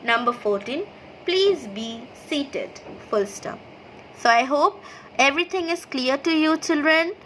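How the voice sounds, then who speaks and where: A woman's voice: sits high, lively intonation, a bit bright, a little hiss or hum, rough recording. A woman with an Indian English accent teaching an online English grammar lesson to school children, reading example sentences and naming their punctuation step by step. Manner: reads sentences aloud, then names the punctuation; slow, explanatory, checks in with "okay". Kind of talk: online class lesson over slides.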